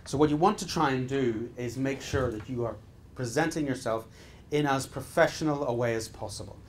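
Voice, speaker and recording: A man's voice: medium pitch, fairly quick, a little hiss or hum. Emphatic man teaching business. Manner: emphatic, repetitive exhortations with frequent restarts. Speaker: business trainer. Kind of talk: live seminar talk.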